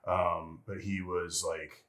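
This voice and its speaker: A middle-aged man with a very low, deep voice, talking as a guest on an interview podcast. He rambles through old service stories with plenty of "you know" and "freaking" along the way, and the odd curse slips in. The delivery is loose and conversational. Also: little pitch movement, slow, a bit bright, a little hiss or hum. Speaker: interview guest, retired military veteran. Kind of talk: casual storytelling interview.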